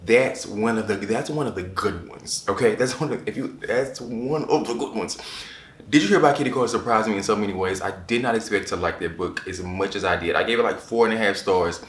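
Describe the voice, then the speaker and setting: A man chatting casually to camera as a book reviewer, animated and repeating phrases for emphasis. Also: fairly low pitch, a little fast. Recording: echoey room.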